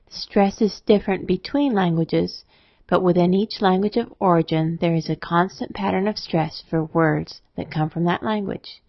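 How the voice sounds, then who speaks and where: A woman narrating a scripted spelling lesson, explaining rules in a steady, methodical way. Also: fairly low pitch, no room sound. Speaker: spelling teacher. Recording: dry, dull lo-fi voice-over.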